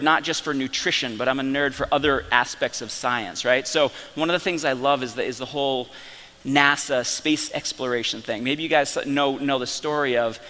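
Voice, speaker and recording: A man presenting at a company conference session, telling stories in an animated way with frequent restarts. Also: on the high side, in a large hall. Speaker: company science officer presenting. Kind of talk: live conference talk. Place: conference breakout hall.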